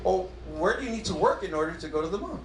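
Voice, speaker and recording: A high-pitched man performs stand-up with an animated, bouncing delivery, slipping into the voices of his wife and daughter. His voice carries a roomy club echo with faint crowd ambience behind it. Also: slight background noise. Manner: animated, acts out dialogue in quick bursts. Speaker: stand-up comedian. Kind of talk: stand-up comedy set. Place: comedy club stage before a live audience.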